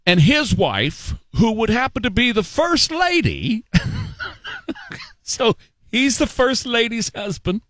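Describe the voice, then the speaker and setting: Animated, high-voiced male radio host. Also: measured pace, dry recording. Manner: mocking, repetitive, hectoring the audience. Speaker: radio talk show host. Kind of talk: talk radio monologue. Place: radio studio. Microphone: studio microphone.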